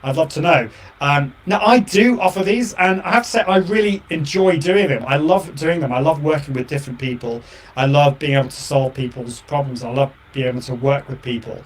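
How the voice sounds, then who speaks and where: A man's voice: a little high, brisk. A man hosting his own live show and podcast, talking casually and enthusiastically to his viewers, with frequent repeats and fillers. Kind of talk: solo casual chat to viewers.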